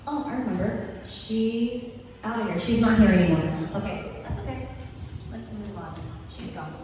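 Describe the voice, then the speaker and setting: A woman's voice: mid-range voice, warm tone, a little hiss or hum. A woman coaching students on public speaking, giving direct feedback and checking "okay?" after each point. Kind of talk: classroom feedback. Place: large room with students. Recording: echoey hall from far off.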